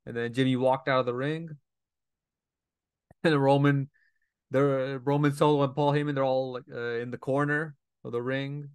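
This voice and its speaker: A man's voice: mid-range voice, little pitch movement, unhurried, pauses often, clean tone, no room sound. A man giving a casual, rambling recap of a wrestling show, retelling each scene with paraphrased quotes and lots of fillers.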